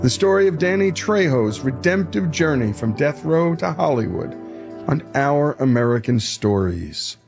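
Male radio host, gravelly, earnest outro read over a guitar bed. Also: on the high side, big pitch swings, moderate pace. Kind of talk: scripted radio wrap-up. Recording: spoken over loud music bed.

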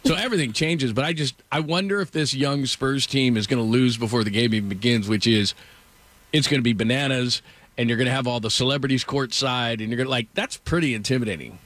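A man's voice: medium pitch, fast, fairly bright tone, dry recording. A middle-aged man hosting a casual sports talk show, rambling through stories with lots of asides. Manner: rambling storyteller with frequent asides.

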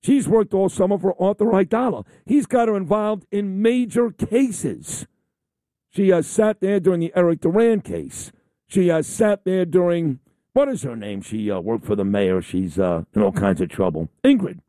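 A middle-aged man talking on the radio in a casual, boastful, rambling way. His voice is somewhat high and swings widely in pitch, with a warm, mellow tone. The sound is close and dry. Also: expressive, normal speed, no room sound. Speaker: radio talk show host. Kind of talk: casual on-air chat.

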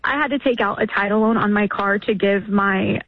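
A woman in her thirties calling a radio show, hesitant and halting, close to tears. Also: mid-range voice, steady tone, no room sound. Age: 30s. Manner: hesitant, halting, many fillers. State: emotional, near tears. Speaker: caller. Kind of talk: phone call to radio show. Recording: tinny phone line.

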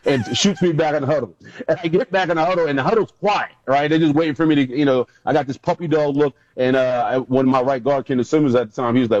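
Animated man telling stories over a dull line. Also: mid-range voice, a little fast, dry recording. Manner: animated storyteller who acts out quotes. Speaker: guest, former football player. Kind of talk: casual storytelling interview.

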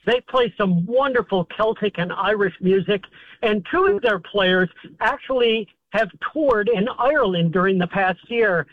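High-voiced man on a tinny phone line. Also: measured pace. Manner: eager, promotional. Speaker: festival volunteer guest. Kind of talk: phone interview.

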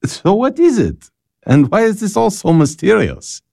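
A brisk aristocratic father in a radio drama. He sounds commanding yet curious, with a dark, mellow tone and lively pitch. The sound is dry and close. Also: creaky, no room sound, full character voice.

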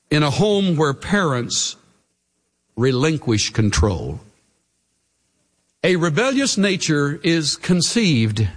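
A middle-aged man preaching a sermon as pastor, earnest and pleading, his voice swinging from raised highs down to hushed lows.

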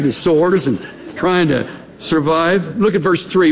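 A man's voice: a little high, a little slow, in a large hall. A middle-aged male pastor preaching a sermon, telling stories in a playful, chuckling way. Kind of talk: sermon with humorous storytelling.

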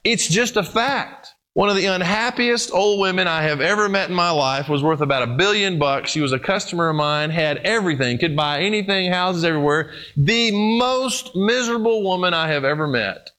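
A man preaching a sermon, talking straight to his listeners and swinging from loud, emphatic peaks down to low, hushed storytelling. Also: normal speed, few pauses. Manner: speaks directly to the congregation, addressing them as folks and guys.

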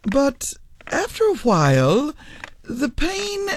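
A woman's voice: high-pitched, huge pitch swings, slow pace, heavily acted. An actress playing an eerie, sly old woman in a radio drama, purring her words and dropping into whispers. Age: older.

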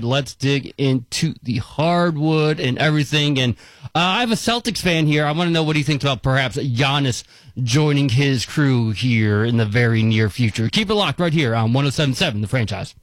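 A man hosting a casual sports talk radio show, animated and quick to react and laugh. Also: mid-range voice, dry recording.

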